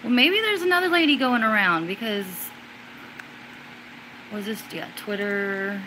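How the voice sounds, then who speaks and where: Woman, slow talker, casual Q&A host, rambling, restarts sentences, bursts of excitement. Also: fairly high pitch, a little hiss or hum, rough recording. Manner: rambling, with many fillers and restarts; gets suddenly excited and loud at times. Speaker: livestream host answering viewers. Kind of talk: casual chat.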